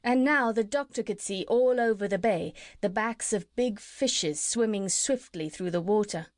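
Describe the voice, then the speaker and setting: A woman narrating a classic children's story as an audiobook reader, steady and clear. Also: medium pitch, unhurried, no echo. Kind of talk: scripted narration.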